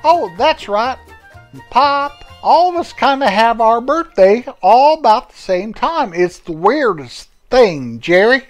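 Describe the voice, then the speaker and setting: A man's voice: extremely high pitch, very animated, slow, soft background music, pitched above the performer's own voice, full character voice. A man putting on a folksy old country fellow. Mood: cheerful. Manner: rambling, homespun, self-correcting.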